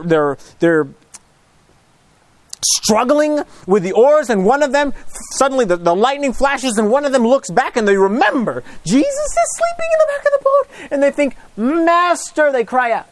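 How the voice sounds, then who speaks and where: A man preaching a storytelling sermon, acting out gospel scenes, now booming, now hushed. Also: no echo. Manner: animated, acts out gospel scenes with shifting pitch and hushed lines.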